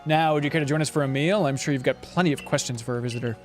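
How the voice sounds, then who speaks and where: A man's voice: fairly high pitch, racing, soft background music, natural voice. A man reading the lines of a chatty, bumbling male professor in a jolly, old-fashioned way. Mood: jovial.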